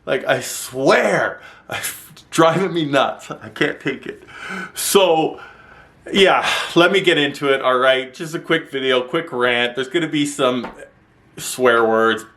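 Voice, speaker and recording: A man ranting to camera in a vlog, telling stories in an exasperated, sweary, animated way, filmed with a handheld camera mic. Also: mid-range voice, slow pace. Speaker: vlogger.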